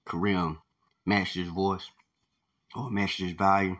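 A man's voice: low voice, flat delivery, slow, pauses often, fairly bright tone. A man reading a thriller novel aloud, with plain delivery and occasional slips. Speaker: reader.

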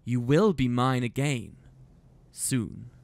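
Cold mocking villainess as a man puts her on, slow and hushed, storybook reading. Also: medium pitch, creaky, no room sound. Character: cruel seductive woman Faolain, cold and mocking.

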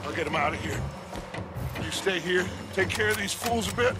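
A gruff outlaw giving orders. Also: male voice, sits high, animated, moderate pace. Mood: urgent. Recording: game dialogue over loud music.

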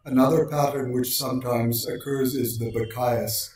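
A man giving a precise, measured lecture on poetic meter and slowing down to recite lines of verse. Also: mid-range voice, fairly even intonation, a little mellow. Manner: precise, deliberate delivery, slows for quoted lines. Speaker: lecturer on poetry. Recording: very echoey room, voice far from mic.

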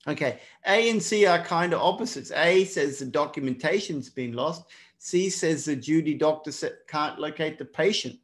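At normal speed and a slightly high pitch, a man who isn't British leads a live online exam prep class. He keeps things casual and chatty, repeatedly speaking out to everyone.

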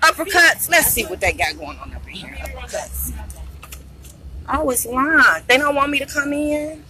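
A woman's voice: high-pitched, animated, moderate pace, a little hiss or hum. A woman hosting a live internet radio stream, chatting with vendors on the street into a handheld phone. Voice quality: loud, chatty, hype. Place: outdoor street event.

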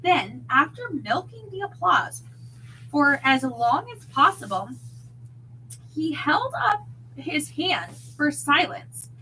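Female narrator, slow and expressive, bright tone. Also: sits high, a little hiss or hum, poor audio. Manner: expressive, dramatic. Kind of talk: reading a mystery novel aloud.

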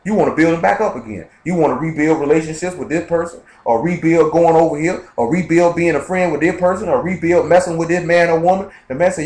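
Fast-talking man preaching in an echoey room. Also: a little high. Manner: rapid, conversational, quotes scripture and checks in with listeners. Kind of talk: informal Bible study sermon. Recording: echoey live-streamed room.

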